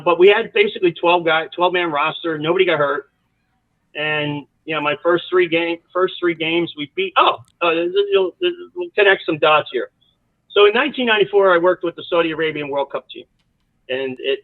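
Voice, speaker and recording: A man's voice: a little high, normal speed, no echo. A man, a college soccer coach, telling long rambling stories with asides as a podcast guest. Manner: animated, rambling storyteller with many asides. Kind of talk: storytelling in a podcast interview. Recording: tinny phone-like line.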